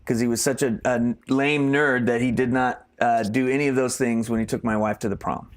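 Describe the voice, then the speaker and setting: A man's voice: mid-range voice, steady tone, moderate pace, slight background noise. A man co-hosting a casual live stream, telling rambling stories that trail off mid-thought. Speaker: co-host.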